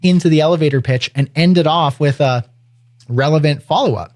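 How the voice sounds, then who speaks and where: A man co-hosting a podcast, talking in an energetic, emphatic way. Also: on the high side, a little fast. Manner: energetic, emphatic, acts out quotes. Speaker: podcast co-host. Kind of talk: casual podcast chat.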